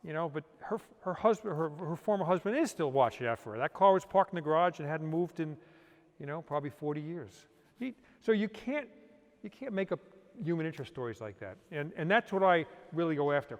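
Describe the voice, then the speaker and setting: Man telling stories in a reverberant hall. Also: a little high. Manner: rambling, with frequent restarts and "you know". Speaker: interview guest, car hunter. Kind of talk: casual storytelling.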